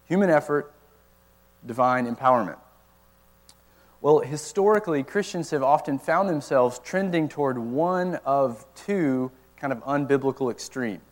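A man teaching a Bible lesson to a college ministry, asking rhetorical questions and explaining each point step by step. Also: medium pitch. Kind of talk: teaching sermon.

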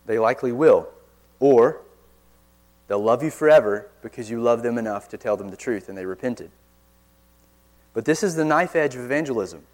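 A man preaching a sermon in church, earnest, pressing hard on key words and then dropping suddenly quiet. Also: medium pitch, animated, moderate pace, pauses often. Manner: earnest, forceful emphasis with sudden quiet drops.

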